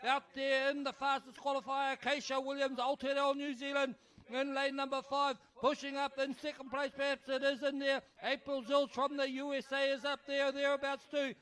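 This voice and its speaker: A man calling a canoe race live as announcer, excitable and urging the crowd to cheer. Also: very high-pitched, normal speed. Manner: excitable, urges the crowd, tongue-tied at times. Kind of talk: live sports commentary. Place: outdoor regatta venue.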